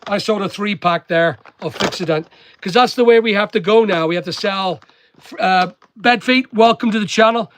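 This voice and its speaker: A man's voice: high voice, normal speed, a bit bright, a little hiss or hum. A man with a mixed London and Northern Irish accent, chatting casually on a live stream as an online seller, rambling and greeting viewers by name while he works in a packing room. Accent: London and Northern Irish mix.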